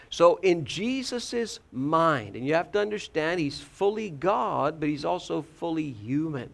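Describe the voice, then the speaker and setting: A man preaching a sermon, telling a story in an animated way, repeating words and joking about himself. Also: a little high, slow pace, creaky, few pauses.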